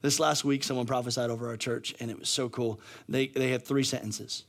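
A man pastor preaching a sermon, with many repetitions and restarts, moving from soft, low talk to loud shouting. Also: steady tone, fairly quick.

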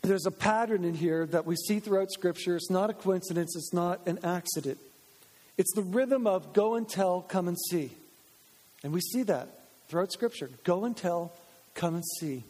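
High-voiced energetic preacher in a reverberant church. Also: male voice, moderate pace. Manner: energetic, repetitive preaching with emphatic restatements. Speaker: pastor. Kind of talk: sermon. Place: church sanctuary.

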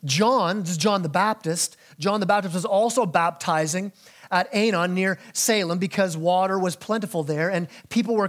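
Key lines land low and slow from this male pastor, whose animated sermon acts out biblical figures in relaxed modern speech.

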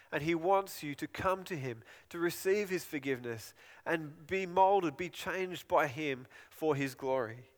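A man's voice: on the high side, long reverb tail. A man preaching a sermon in an earnest, pleading way, often repeating and restarting phrases.

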